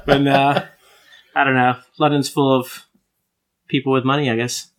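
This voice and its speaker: A young man, co-hosting a casual chat, relaxed, laughing easily and saying "like" a lot. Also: medium pitch, normal speed. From United States. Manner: relaxed, laughs often, lots of "like" fillers. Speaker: podcast co-host.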